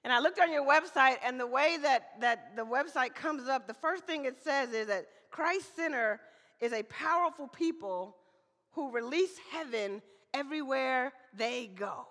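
Woman preacher from Mississippi, bright voice, slightly hoarse, chatty sermon, long hall reverb. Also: high voice, measured pace. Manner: lively, chatty, calls for amens. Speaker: guest preacher. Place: church hall.

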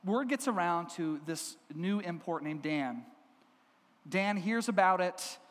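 A man, a pastor, preaching a sermon with lively, humorous storytelling in a church. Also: sits high, slow pace. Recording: long hall reverb.

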